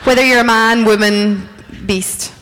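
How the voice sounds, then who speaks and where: A woman's voice: a little high, fairly even intonation, unhurried, a bit bright. A woman at a convention, playfully coaching a crowd through a silly dance and laughing as she talks. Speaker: convention guest leading a dance. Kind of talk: lively live-audience banter. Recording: long hall reverb.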